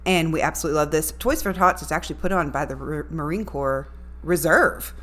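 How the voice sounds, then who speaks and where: A woman's voice: deep voice, brisk, a bit bright. A woman, a radio voice talent chatting upbeat as a guest in an interview. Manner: upbeat, chatty, talks to viewers directly. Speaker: radio voice talent and morning show co-host, guest. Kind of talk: casual interview chat.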